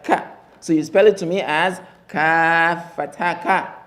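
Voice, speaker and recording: Male Arabic teacher, slightly high voice, slow and patient, drills sounds by repetition. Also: steady tone, fairly bright tone. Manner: slow, repeats drills emphatically. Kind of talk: classroom lesson. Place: mosque classroom.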